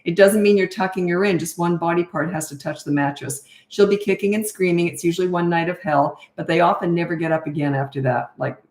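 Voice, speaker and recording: A woman's voice: lowish voice, fairly even intonation, brisk, few pauses, darkish tone, reverberant. A woman in her sixties, a parenting coach answering questions in a casual livestream, telling stories in a chatty way with fillers and laughs. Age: 60s.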